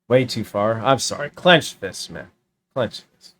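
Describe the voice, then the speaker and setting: A man's voice: fairly low pitch, measured pace, sharp tone. A young man streaming, giving a heated, profane reaction rant. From United States. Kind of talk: ranting reaction commentary.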